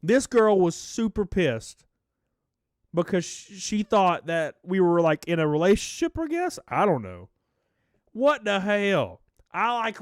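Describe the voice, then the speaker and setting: A man's voice: high-pitched, very animated, measured pace, no echo, studio quality. A young man telling a dating story to his viewers in a casual, crude and brash way, full of fillers and asides. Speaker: vlogger.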